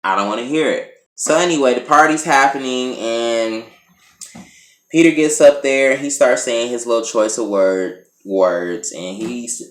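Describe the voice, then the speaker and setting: Sassy, foul-mouthed man recapping reality TV. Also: mid-range voice. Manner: sassy, profane, animated. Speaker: TV recap vlogger. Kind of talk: casual recap commentary. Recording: roomy echo.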